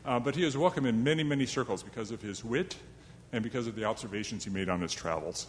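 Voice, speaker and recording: A man's voice: mid-range voice, fast talker, long reverb tail, a little hiss or hum. A man telling a fable to a young live audience in a chatty, self-deprecating way, with asides to his listeners. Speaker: storyteller.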